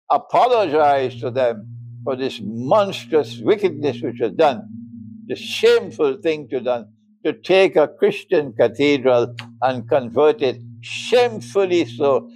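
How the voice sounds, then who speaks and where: An older man giving a religious lecture, emphatic and deliberate, often breaking into chuckles. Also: mid-range voice, darkish tone, poor audio. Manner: slow and deliberate, spelling out words. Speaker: Islamic scholar lecturing.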